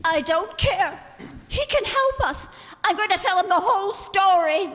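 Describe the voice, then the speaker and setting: An actress playing a distraught young wife who pleads through tears in an old-time radio drama. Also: female voice, extremely high pitch, lively intonation, measured pace, a bit bright, long reverb tail, heavily acted. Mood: defiant. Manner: tearful, pleading, breathless.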